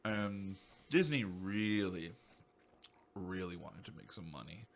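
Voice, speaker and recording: Excitable, rambling young man on a podcast. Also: deep voice, takes it slowly. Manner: rambling, excitable, swears freely. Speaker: podcast co-host. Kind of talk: casual podcast chat.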